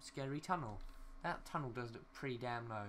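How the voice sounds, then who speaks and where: A man's voice: mid-range voice, moderate pace, fairly bright tone, slight background noise. A young man giving casual, rambling commentary while building in a city game, talking to himself and swearing mildly at glitches. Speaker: gaming YouTuber.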